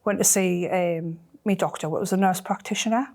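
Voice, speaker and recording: A middle-aged woman, telling a personal story in an emotional, halting way that often drops to a near whisper. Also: fairly low pitch, fairly even intonation, a little mellow. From North East England. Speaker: interviewee.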